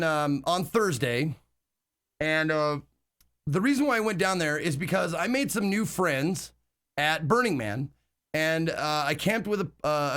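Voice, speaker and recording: Male streamer, casual chat, rambling delivery with many fillers and casual swearing, slightly high voice. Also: fairly bright tone. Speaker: live streamer.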